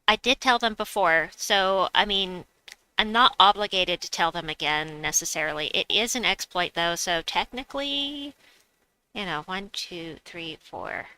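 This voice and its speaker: A woman's voice: fairly low pitch, moderate pace, pushed and bright, smooth, no room sound, poor audio. A woman streaming a game, chatting casually, reading viewers' messages aloud and laughing often. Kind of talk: casual live-stream chat.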